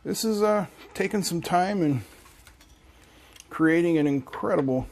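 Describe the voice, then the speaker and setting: A man's voice: a little high, animated, a little slow, darkish tone. A man hosting a hobby channel, talking casually through a build while joking and thinking aloud. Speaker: electronics hobby channel host.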